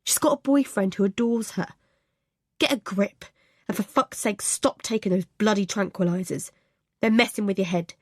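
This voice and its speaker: Woman voicing a worn-out husband, curt and fed up, slow and heavy delivery. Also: medium pitch, dry recording, studio quality, close to an everyday voice. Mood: exasperated. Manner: weary, curt, swears when cornered. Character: tired exasperated husband, adult man.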